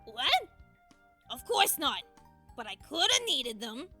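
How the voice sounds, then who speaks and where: A loud, gossiping mother from a fan-made animated drama, with a thick New Jersey accent as a woman plays her. Her high voice is sharp and piercing, and she nags in long, drawn-out complaints. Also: breathy edge, soft background music, exaggerated voice. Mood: indignant. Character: brash gossiping middle-aged mother.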